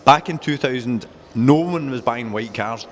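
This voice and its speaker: A man's voice: medium pitch, moderate pace, a little hiss or hum. A man presenting cars at a dealership in casual, jokey chat, rattling off specs with enthusiasm. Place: car dealership.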